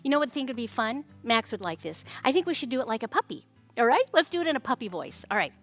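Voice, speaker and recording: A woman with a high, bright-sounding voice hosts a Bible story time for young children. She talks in an animated, sing-song way, asking the kids questions as she goes. Soft music plays faintly behind her. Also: quick pace.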